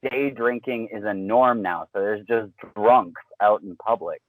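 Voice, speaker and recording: A man talking as a podcast guest, explaining his points in a measured way with some dry wit. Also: lowish voice, no echo, phone-quality sound. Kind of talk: casual podcast chat.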